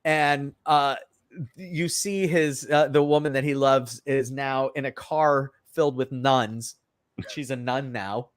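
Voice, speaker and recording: A man co-hosting a podcast, chatting casually about a movie in a rambling, animated way full of fillers and restarts. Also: mid-range voice, slow pace, clean tone, dry recording, studio quality. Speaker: podcast co-host. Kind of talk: casual film review chat.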